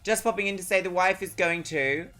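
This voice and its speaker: A streamer from Brighton with a southern English accent, chatting casually and reading out viewer messages, swinging between perky greetings and dry asides. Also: medium pitch, brisk, faint music behind. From Brighton, England. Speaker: livestreamer.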